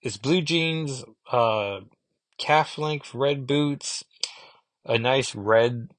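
A man's voice: medium pitch, very slow, no room sound. A man in his thirties chatting casually in a rambling way, reviewing comic books, with frequent fillers.

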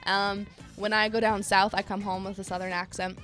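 A young woman with a Midwestern accent chats easily as a radio co-host, breaking into laughter as she goes. Her voice sits at an ordinary middle pitch for a woman. Faint music plays behind her. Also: little pitch movement, normal speed, a bit bright. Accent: Midwestern American. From Indiana, USA. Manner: chatty, laughs often. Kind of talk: casual radio chat.

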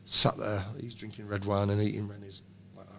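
A man, a band's songwriter, telling lively anecdotes in casual chat, swearing and laughing often. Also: on the low side, a little fast. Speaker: songwriter in a band, guest.

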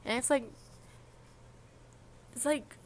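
A woman's voice: sits high, takes it slowly. A young adult woman talking in a casual, confessional vlog monologue, rambling and hesitant, with many "like" fillers. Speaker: vlogger.

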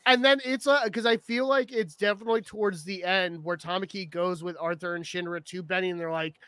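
A young man co-hosting a casual podcast, rambling and animated, often breaking into laughter. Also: high-pitched, brisk, no echo. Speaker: podcast co-host. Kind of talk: casual chat about an anime.

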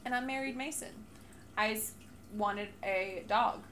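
A young woman co-hosting a casual podcast chat. She talks in an animated way, laughs often and acts out quoted lines playfully. A faint noise sits behind her voice. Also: a little high, unhurried. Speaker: podcast co-host.

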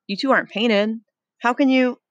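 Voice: medium pitch, fairly even intonation, moderate pace, a bit bright, no echo, highs cut off, pitched above the performer's own voice, close to an everyday voice. A reader voicing a frightened, hunted boy who pleads anxiously with his friends in a storybook reading. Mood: pleading.

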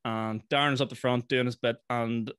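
A man's voice: mid-range voice, fairly even intonation, normal speed, a bit bright, smooth, no echo, studio quality. A young man with a Northern Irish accent hosting a podcast, asking easygoing questions and laughing often. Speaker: podcast host. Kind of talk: casual podcast chat.

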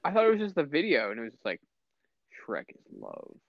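A man's voice: a little high, sing-song, very fast, no room sound. A young man chatting casually as a podcast co-host, rambling and stammering, laughing often. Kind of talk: casual chat. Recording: slightly muffled lo-fi audio.

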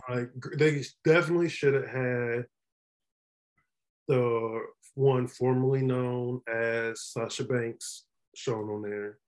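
Slow-talking blunt male podcaster. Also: mid-range voice, steady tone. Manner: opinionated, blunt. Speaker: podcast co-host. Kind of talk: casual wrestling chat.

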